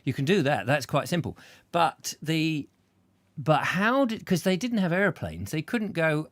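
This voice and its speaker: A man's voice: fairly high pitch, sing-song, a little slow, no echo. A man hosting a casual chat show, rambling in a playful, jokey way. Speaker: show host.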